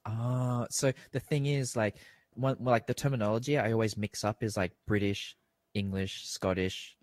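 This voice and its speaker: A young man, chatting casually as a podcast guest, rambling with lots of fillers and quick self-corrections. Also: lowish voice, steady tone, dry recording. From Australia. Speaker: guest actor. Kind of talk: casual chat.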